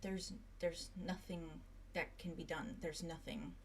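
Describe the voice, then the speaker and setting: A woman voicing a troubled young man who talks quietly and haltingly, keeping his voice down. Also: fairly low pitch, far from the mic, a little hiss or hum, lightly acted. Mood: hushed.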